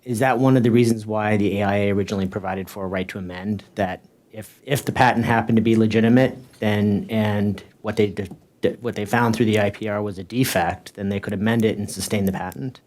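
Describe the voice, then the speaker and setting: A man moderating a conference panel, asking long questions with halting restarts. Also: fairly low pitch, steady tone, darkish tone.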